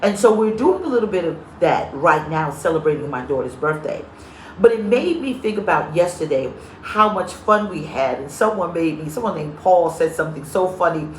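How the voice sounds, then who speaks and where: A woman pastor's fairly low-pitched voice moves at normal speed through a live-streamed sermon. Lively and comedic, she tells stories and says hello to viewers by name, with the echoey room adding a touch of background noise.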